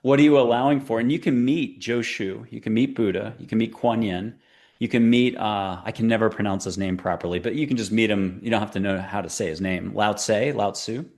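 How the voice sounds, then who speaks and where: A man's voice: lowish voice, a little mellow. Chatty, playful man in interview. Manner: chatty and playful, with quick tangents. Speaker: guest, spiritual teacher. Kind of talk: conversational interview talk.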